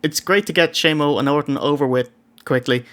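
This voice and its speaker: A man's voice: fairly high pitch, fairly quick, a bit bright. An Irish man co-hosting a wrestling review, reading a scripted recap with sardonic, jokey asides. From Ireland. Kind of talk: scripted comedic review narration.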